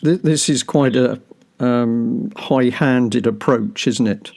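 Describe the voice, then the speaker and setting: Male interviewer, gravelly voice, middling pitch, deliberate delivery with small stumbles. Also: a little mellow. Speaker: interview host. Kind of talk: interview conversation.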